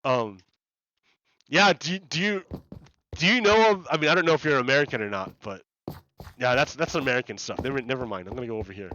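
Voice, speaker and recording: A man's voice: medium pitch, lively intonation, fairly quick, pauses often, sharp tone, dull audio, slight background noise. A man chatting casually on a live game stream, rambling and repeating words as he explains ideas to his viewers. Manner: rambling, repeats words and restarts, laughs often.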